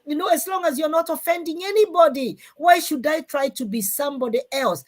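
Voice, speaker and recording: A middle-aged woman with a Kikuyu Kenyan accent, hosting a live-streamed talk show in an animated, emphatic way. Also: high-pitched, a little fast, few pauses. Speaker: host.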